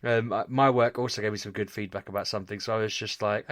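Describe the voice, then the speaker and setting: Deep-voiced tired man, weary chat. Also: steady tone, fast, fairly bright tone, no room sound, studio quality. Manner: self-deprecating, weary storytelling. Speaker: podcast co-host. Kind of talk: casual chat.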